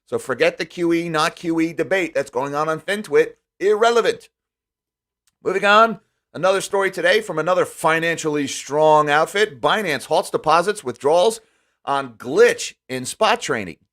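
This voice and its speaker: A man with a slightly high voice runs through the day's headlines as a finance channel host. He reads each headline, then cuts in with sarcastic asides and speaks directly to his audience. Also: moderate pace, fairly bright tone. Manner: sarcastic, talks directly to viewers. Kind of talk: news commentary reading headlines.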